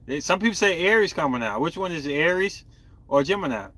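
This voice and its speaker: A young man hosts a casual live chat. He talks candidly and rambles to his viewers. His voice is bright and sits a little high. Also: lively intonation, fast, no echo. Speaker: podcast host.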